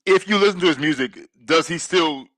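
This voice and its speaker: A man co-hosts a relaxed podcast chat in a bright, sharp voice. He chimes in often to agree with the others. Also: fairly high pitch, a little fast, no echo. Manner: relaxed, frequent agreeing interjections. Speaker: podcast co-host. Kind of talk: casual chat.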